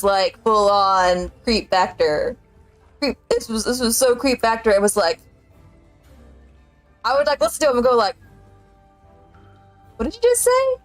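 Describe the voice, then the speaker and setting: Streamer type: woman, slightly high voice, chatty storyteller, dry close sound. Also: dry recording. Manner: chatty storytelling, laughs often. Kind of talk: casual chat.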